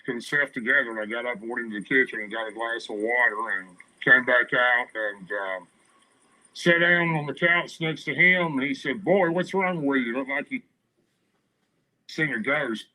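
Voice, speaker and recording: Male interviewee, tense and bright tone, halting first-person storytelling. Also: medium pitch, rough recording. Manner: halting, repeats words at starts of phrases. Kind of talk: recounting a personal encounter story.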